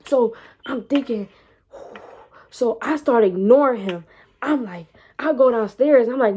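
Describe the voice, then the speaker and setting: Animated young woman telling a story. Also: measured pace, slightly rough. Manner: animated, repeats words, rises high and loud when excited. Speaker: vlogger and entrepreneur. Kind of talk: casual personal storytelling.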